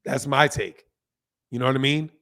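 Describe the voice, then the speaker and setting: A man with a hoarse voice hosting a casual boxing livestream, talking straight to viewers, repeating points and reading out chat comments. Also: mid-range voice, normal speed, fairly bright tone. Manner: talks straight to viewers, repeats himself for emphasis. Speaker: boxing channel host.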